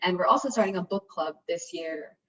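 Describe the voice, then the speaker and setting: A woman's voice: lowish voice, fairly quick, distant mic. A young woman, a student group president, presenting chattily on a video call with many fillers. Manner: chatty, fillers, speaking softer in places. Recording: dull lo-fi audio, off mic.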